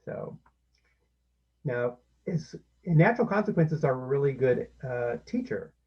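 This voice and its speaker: A man's voice: medium pitch, animated, unhurried, slightly rough, lo-fi sound. A man presenting a parenting workshop, explaining step by step and acting out what parents can say. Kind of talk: instructional talk.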